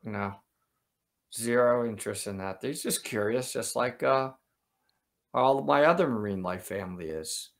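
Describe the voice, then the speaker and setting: A man's voice: medium pitch, creaky, natural voice. A man playing a dopey, telepathic sea-hero persona in a cracking voice, earnest and silly as a co-host. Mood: goofy. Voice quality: cracking, like a voice that is breaking. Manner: earnest, dreamy and deliberately silly. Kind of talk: goofy comic persona in a reaction video.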